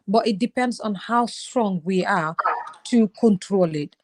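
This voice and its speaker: A woman in her thirties talking in a casual, animated way, now and then slipping in short Wolof phrases. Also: medium pitch, a little slow. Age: 30s. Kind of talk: casual conversation.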